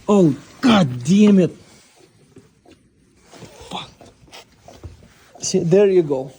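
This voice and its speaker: Man with an accent, DIY car vlogger: unhurried, dark-toned, a bit high-pitched, chatty asides and exclamations, phone-recorded. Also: slight background noise. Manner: chatty, exclaims at what he finds, addresses viewers as guys; mentions having a non-native accent. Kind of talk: casual how-to narration while working. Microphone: phone recording nearby.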